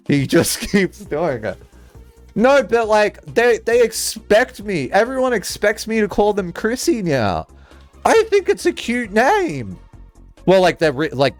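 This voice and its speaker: A man's voice: sits high, huge pitch swings, measured pace, faint music behind. A male streamer chatting casually while playing a game, rambling through a story with lots of "like" and swearing.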